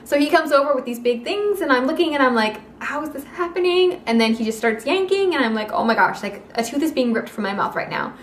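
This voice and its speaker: A young woman tells a story to her camera at a quick clip, acting out everyone's lines as she goes. Her voice sits a little on the high side. The room around her rings with echo, and there is a faint hum of ambience behind her. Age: young adult. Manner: animated, acts out quoted dialogue. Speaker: vlogger. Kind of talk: casual storytelling vlog. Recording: echoey room.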